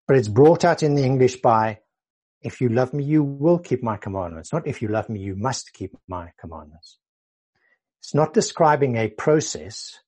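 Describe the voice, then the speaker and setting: A man's voice: medium pitch, mellow, slightly rough. A man preaching a sermon, earnest and explanatory, repeating key phrases for emphasis.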